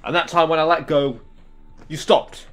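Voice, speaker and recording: A man's voice: a little high, normal speed, fairly bright tone, faint music behind. A young man giving live gameplay commentary, exasperated and talking back at the game. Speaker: gaming video creator.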